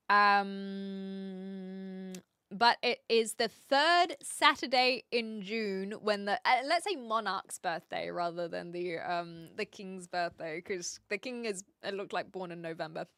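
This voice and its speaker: Kiwi woman streaming, bright voice, dry close sound, lots of ums. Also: mid-range voice, smooth, no room sound. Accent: New Zealand. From New Zealand. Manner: chatty, explanatory, with frequent fillers and laughs. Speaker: livestream host. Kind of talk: casual chat reading out viewer comments.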